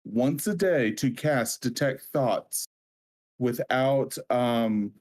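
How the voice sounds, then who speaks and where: A man's voice: mid-range voice, drawn-out words, a little mellow. Chatty male player in a casual tabletop game, mid-range voice. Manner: chatty, laughs while describing his character.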